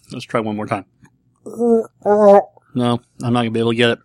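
A man's voice: medium pitch, flat delivery, normal speed, vocal fry, dry recording. A middle-aged man hosting a casual solo show, rambling and self-deprecating, with a dry throat. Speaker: podcast host answering listener questions.

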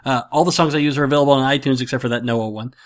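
A man's voice: mid-range voice, very fast. A man hosting a casual podcast, rambling and self-mocking, with lots of fillers. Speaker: podcast host.

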